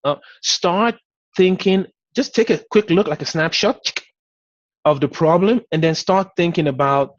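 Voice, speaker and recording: A man's voice: high-pitched, measured pace, dry recording, highs cut off. A man giving a motivational talk as a business coach, speaking conversationally and encouragingly with frequent "you know" fillers.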